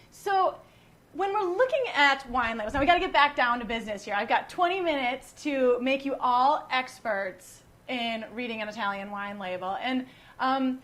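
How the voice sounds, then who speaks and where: A woman's voice: high voice, fairly bright tone. A woman from the United States hosting a casual online wine class, chatty and full of teasing jokes. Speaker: wine educator and host.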